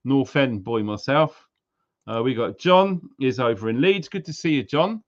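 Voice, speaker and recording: A man's voice: medium pitch, animated, moderate pace, lo-fi sound. A British man hosting a live stream in a casual, chatty way, greeting viewers one by one. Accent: British English. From England. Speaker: livestream host.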